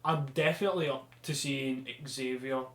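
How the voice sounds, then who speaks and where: A man's voice: medium pitch, steady tone, moderate pace, fairly bright tone. A man co-hosting a podcast, chatting in a laid-back way with short replies. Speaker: podcast co-host. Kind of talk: casual chat. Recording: roomy echo with faint noise.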